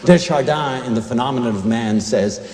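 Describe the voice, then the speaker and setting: A man giving an emotional, expressive inspirational lecture as a university lecturer, swinging between hushed and emphatic delivery. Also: medium pitch, normal speed, crowd noise. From United States. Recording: echoey lecture hall recording.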